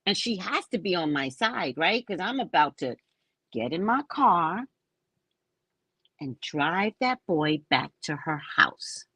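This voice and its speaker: Lively, husky older woman storyteller. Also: fairly low pitch, takes it slowly, dry recording. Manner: animated, acts out voices in quotes, swears. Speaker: host. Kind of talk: casual storytelling monologue.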